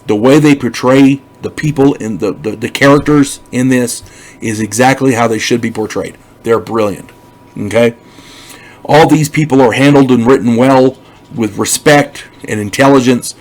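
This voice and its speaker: A man's voice: mid-range voice, rough recording. An older man giving a casual, opinionated review of a TV series, talking bluntly and rambling with lots of restarts. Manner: rambling, with frequent restarts and repeated words; emphatic, blunt.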